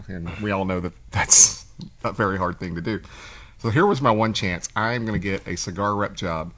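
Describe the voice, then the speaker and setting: A man's voice: low voice, moderate pace, a little hiss or hum. A man hosting a casual chat, telling a long story and acting out what people said. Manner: animated storyteller, acts out quoted voices. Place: cigar shop.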